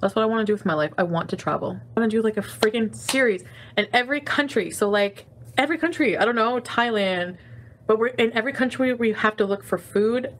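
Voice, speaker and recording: A woman's voice: medium pitch, slight background noise. A woman chatting casually on a livestream, rambling from topic to topic and laughing often.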